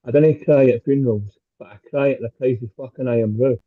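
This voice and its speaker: A man's voice: medium pitch, a little fast. Scottish man doing crude stand-up. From Scotland. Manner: crude, self-deprecating punchlines. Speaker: stand-up comedian. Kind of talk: stand-up set over a video call. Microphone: video call. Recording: tinny phone-like call audio.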